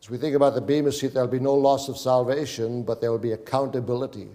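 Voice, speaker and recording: A man's voice: medium pitch, fairly even intonation, quick pace, mellow. A male preacher exhorting a congregation, reading scripture aloud in King James wording and pleading with his listeners. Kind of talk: sermon. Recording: long hall reverb.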